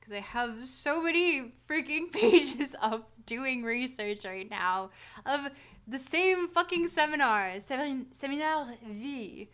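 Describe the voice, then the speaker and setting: A French-native woman streams live, reading dense text aloud and pausing to chat with viewers in a loose, joking way, swearing casually. Her slightly high voice has lively intonation, a slow pace and a sharp tone.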